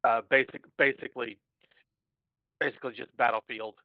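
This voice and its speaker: A man playing a tabletop game, speaking haltingly and trailing off. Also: mid-range voice, steady tone, creaky. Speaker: player. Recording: tinny phone-like line.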